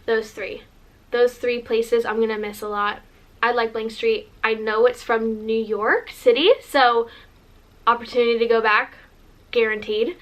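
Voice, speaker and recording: Young woman, gushy rambling vlog chat, slightly high voice. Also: steady tone, unhurried. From Northern California, USA. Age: 20s. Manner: gushing, bubbly, rambling with many likes. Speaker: vlogger. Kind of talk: casual chatty vlog.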